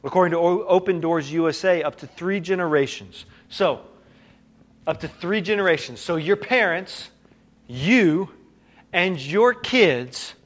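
A man preaching a sermon as a pastor, telling a story with dramatic quiet drops and rising questions, often repeating and restarting phrases. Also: fairly high pitch.

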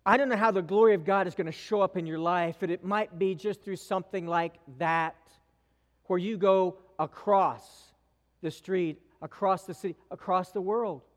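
Male pastor, high voice, slow dramatic storytelling, long church reverb. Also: steady tone. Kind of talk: sermon with an illustrative story. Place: church sanctuary.

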